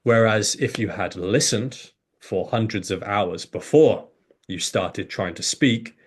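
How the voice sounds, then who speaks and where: Man explaining language learning with animated examples. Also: fairly low pitch, slow pace, breathy edge. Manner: animated, demonstrates pronunciation examples. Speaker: English teacher, guest. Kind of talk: explanatory conversation.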